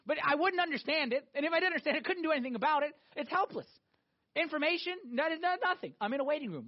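A man's voice: very high voice, animated, quick pace, lo-fi sound. A man preaching a sermon in an emphatic, conversational way, returning again and again to the same question. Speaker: pastor.

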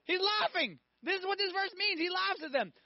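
Man, very high voice, preaching, animated storytelling, dull dry recording. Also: moderate pace, no room sound. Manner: animated storytelling, acting out voices, asks audience questions. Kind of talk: sermon.

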